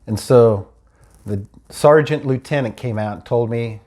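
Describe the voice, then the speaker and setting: A man's voice: medium pitch, a little slow, a little mellow. A man casually telling a personal story, acting out what each person said in turn. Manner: acts out dialogue, quoting each person in turn. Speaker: storyteller recounting his stolen car. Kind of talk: casual spoken anecdote.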